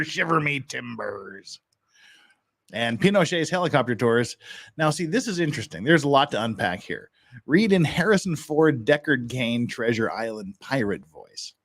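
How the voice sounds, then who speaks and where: A man's voice: mid-range voice, fairly bright tone. A man hosting a live stream, reading viewer messages and making joking, rambling asides. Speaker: streamer reacting to hearings. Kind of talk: casual live-stream commentary.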